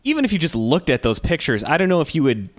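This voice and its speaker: A man's voice: fairly high pitch, sing-song, fast talker. A young man co-hosting a movie podcast, rambling casually with lots of "like" and restarts. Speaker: podcast co-host. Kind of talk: casual movie review chat.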